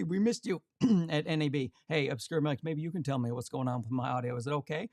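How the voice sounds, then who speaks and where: A man's voice: fairly high pitch, fairly quick, a little mellow, no room sound, studio quality. Man chatting casually on a livestream. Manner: chatty, joking, reads out viewer comments. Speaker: camera channel host. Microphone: XLR shotgun mic.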